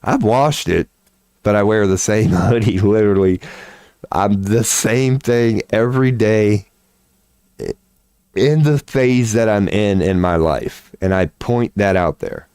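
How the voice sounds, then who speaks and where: A man chatting casually on his livestream, candid and profane, telling animated stories and acting out the voices of the people in them. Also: fairly low pitch, slow pace, clear, resonant tone, dry recording. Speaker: tarot reader and streamer.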